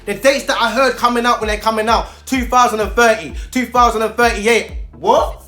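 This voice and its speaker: A man's voice: very high-pitched, a little fast, pushed and bright, soft background music. A man, a youth mentor ranting straight to camera in fired-up, preachy street talk, repeating himself for emphasis. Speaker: youth mentor speaking to young people. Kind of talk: direct-to-camera rant.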